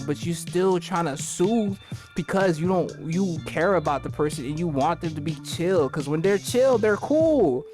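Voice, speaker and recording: A woman hosting a casual commentary who talks in slang, keeps saying bro, and gets animated. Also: fairly low pitch. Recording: music playing clearly behind.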